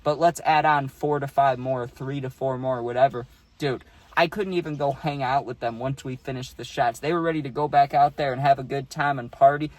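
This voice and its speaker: A man's voice: medium pitch, fairly even intonation, fairly quick, no room sound. A man casually telling a story for his vlog, laid-back and slangy, saying "dude" a lot, recorded outdoors on a phone. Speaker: YouTube storyteller. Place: outdoors on a hot day.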